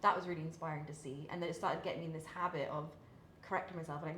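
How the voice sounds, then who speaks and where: A woman's voice: low voice, fairly even intonation, very fast, fairly bright tone. A young British woman, a professional athlete, chatting candidly in an interview with lots of fillers and laughs. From Britain. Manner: chatty, many fillers, laughs between thoughts. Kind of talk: candid casual interview talk. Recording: echoey room, faint hiss.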